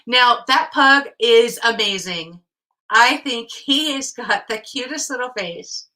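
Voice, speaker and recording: A woman guest chats casually, gushing with enthusiasm. Her voice is bright and fairly high, and she speaks slowly. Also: poor audio. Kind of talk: casual chat.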